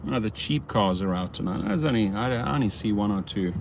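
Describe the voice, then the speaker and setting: A man's voice: fairly low pitch, lively intonation, a little fast, creaky. A man streaming live from his car as a rideshare driver. He is tired and yawning, chats animatedly and greets viewers by name. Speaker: rideshare driver hosting a livestream. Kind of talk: live-stream chat while driving. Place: inside a car on city streets at night. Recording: road and traffic noise.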